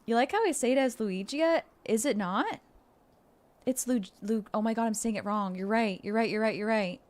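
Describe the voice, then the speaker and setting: Bubbly high-voiced woman streamer. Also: fairly quick. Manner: bubbly and excitable, with gasps and giggles; playful, jokes and role-plays as a mermaid. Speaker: game streamer. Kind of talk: casual live-stream chat with viewers.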